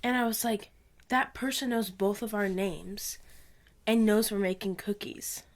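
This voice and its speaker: A young woman co-hosting a podcast, retelling a strange phone call in a giggly, casual way and acting out the quotes. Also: medium pitch. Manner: giggly, quick, acts out quoted lines. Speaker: podcast co-host. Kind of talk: casual storytelling chat.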